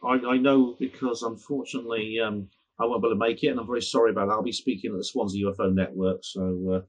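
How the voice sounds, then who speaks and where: A man from Wales with a Welsh accent, chatting quickly in a casual discussion. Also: lowish voice, fairly even intonation, slightly rough. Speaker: guest. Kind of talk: casual chat.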